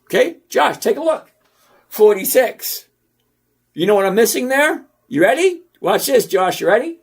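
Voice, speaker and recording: A middle-aged man hosting a stock trading channel, walking through numbers on screen in a casual, teasing, sarcastic way and repeating points slowly for emphasis. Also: very high-pitched, very animated, creaky, slightly rough.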